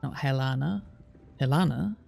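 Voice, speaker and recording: A man's voice: mid-range voice, normal speed, creaky, darkish tone, faint music behind. A British man live-streaming, reading out place names one by one and chatting casually with his viewers, with the odd swear.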